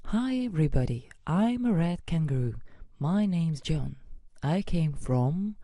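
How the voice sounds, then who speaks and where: A woman's voice: low-pitched, lively intonation, a little slow, mellow, no room sound, exaggerated voice. A woman voicing a friendly male red kangaroo who chats directly to children as their guide in an educational video. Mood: cheerful. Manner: chatty, addresses children directly. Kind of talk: scripted educational narration.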